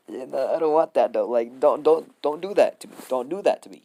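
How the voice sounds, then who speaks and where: A man's voice: mid-range voice, moderate pace, creaky, darkish tone. A young man casually telling a fan story to his viewers, rambling, laughing often and swearing.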